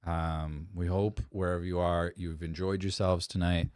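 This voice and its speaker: A man's voice: deep voice, little pitch movement, normal speed, darkish tone, dry recording, clean studio sound. A man co-hosting a live podcast in casual chat, loose and joking, swearing freely. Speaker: podcast co-host.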